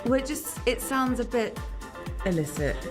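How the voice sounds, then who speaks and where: A woman's voice: a little high, lively intonation, moderate pace, music in the background. A woman in an interview clip, chatting about slang with amused curiosity.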